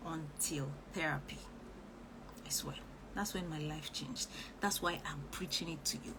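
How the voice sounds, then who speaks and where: A woman's voice: low-pitched, unhurried. A woman, a relationship coach speaking earnestly and preachily on a live stream, reading out viewers' comments. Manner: earnest, preachy, with animated outbursts. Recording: noisy live-stream audio.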